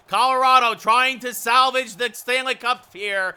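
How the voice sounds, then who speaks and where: A high, very bright male voice calls a hockey game like a broadcast announcer, with rapid play-by-play that rises into excited shouts. Between plays he answers his viewers in a relaxed, chatty way, and his tone stays clean and clear. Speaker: streamer doing play-by-play of a hockey video game. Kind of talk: mock sports commentary mixed with chat replies.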